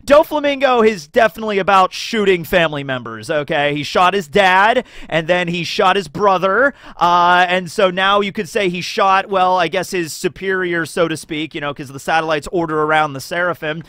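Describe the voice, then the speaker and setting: Animated guy rambling through theory commentary, high-pitched, dry close mic. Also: normal speed, few pauses, no room sound. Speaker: anime theory video host. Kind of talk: casual commentary monologue.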